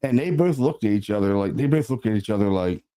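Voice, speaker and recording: A man, a paranormal investigator, casually telling a story about an investigation, animated and sprinkled with swearing and fillers. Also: on the low side, quick pace.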